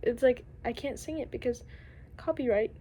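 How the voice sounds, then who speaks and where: Rambling young woman confiding softly. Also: a little high, normal speed, a little hiss or hum. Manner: rambling, trailing off, drops to whispers. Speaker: vlogger. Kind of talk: rambling confessional monologue.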